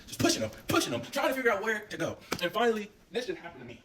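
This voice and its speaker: A young man casually telling a story, animated and full of slang and swearing. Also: high-pitched, rapid-fire, distant mic, background noise.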